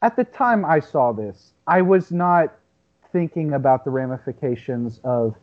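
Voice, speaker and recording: A man's voice: on the high side, lively intonation, measured pace, highs cut off. A man in his thirties discussing movies on a casual podcast, reflective and thinking aloud with frequent restarts. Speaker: podcast co-host.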